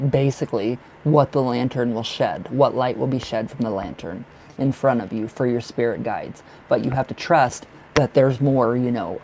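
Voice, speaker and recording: Young male tarot reader, chatty and rambling, warm low tone, light background hum. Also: poor audio. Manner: chatty, rambling, laughs often. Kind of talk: live stream reading.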